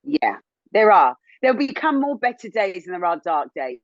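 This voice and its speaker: A woman in her thirties, a TV presenter, telling her own story as an interview guest in a candid, animated way, rising high when indignant. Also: normal speed, dry recording, lo-fi sound. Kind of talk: emotional personal testimony.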